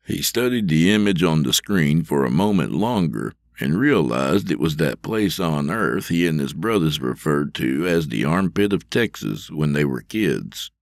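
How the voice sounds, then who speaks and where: A male podcast narrator reads fiction at a steady, measured pace. His voice sits very low and resonant in the chest. The recording is close and dry, with no room echo. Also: creaky.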